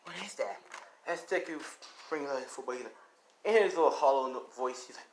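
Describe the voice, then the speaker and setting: A man's voice: mid-range voice, quick pace, background noise. A man casually telling a fan story, rambling, with lots of fillers and swearing.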